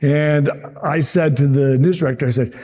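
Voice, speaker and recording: A man in his sixties, a TV meteorologist telling lively stories from his career to an audience. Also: fairly high pitch, moderate pace. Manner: lively anecdotal, acts out quotes, frequent restarts. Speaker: TV meteorologist giving a talk. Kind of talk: storytelling presentation to an audience.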